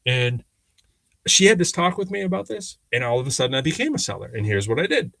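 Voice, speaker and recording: A man's voice: medium pitch, fast talker, gravelly, no room sound. Man, talk show co-host, casual storytelling, rambling restarts, acts out quotes, dry close mic. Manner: animated, acts out quoted people in changing voices; rambling with frequent restarts and fillers. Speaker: podcast co-host.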